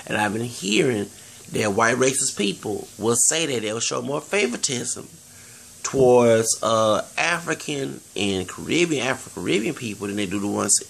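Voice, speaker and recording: Very gravelly Texan man rambling. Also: mid-range voice, very animated, normal speed, fairly bright tone. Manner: earnest, digressive, many restarts and fillers. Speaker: vlogger. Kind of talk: rambling monologue to camera.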